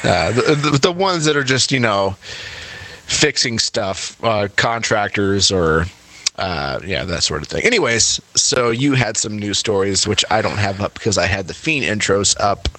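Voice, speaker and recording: A man's voice: on the low side, animated, unhurried, sharp tone, dry recording. A man co-hosting a casual political podcast, joking and sarcastic, rambling with fillers. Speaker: podcast co-host.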